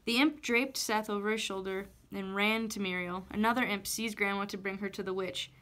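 A woman teacher reads a novel chapter aloud at a mid pitch, in a steady storytelling way. The delivery stays even and plain. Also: moderate pace.

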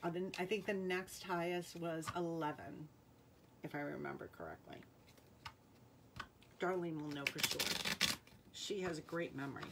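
A woman's voice: deep voice, moderate pace, creaky, long pauses, noisy background. A woman with a Rhode Island accent hosting a live jewelry sale, chatting casually and reading out viewer names and playing cards. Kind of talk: live-stream sales chat.

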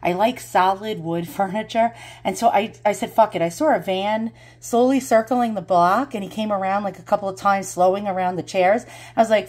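A woman's voice: medium pitch, moderate pace, darkish tone, dry recording. Winded woman rambling through a vlog. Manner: rambling, laughing, swears freely. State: out of breath. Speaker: vlogger. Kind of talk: casual home vlog.

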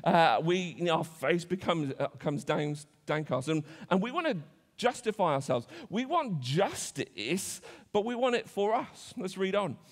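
A man's voice: high voice, very animated, measured pace. A man preaching a conversational sermon in church, with frequent restarts and self-deprecating asides. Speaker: pastor. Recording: church hall reverb.

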